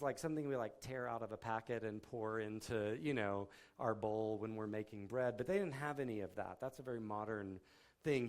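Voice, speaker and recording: A man preaching to a congregation in an easygoing, conversational way. He stumbles and restarts now and then, and he slips into quick voiced quotes of the people in the story. His pitch sits at an ordinary middle level. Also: a little mellow. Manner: conversational, with filler words and restarts, acting out quotes. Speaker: pastor. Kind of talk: sermon.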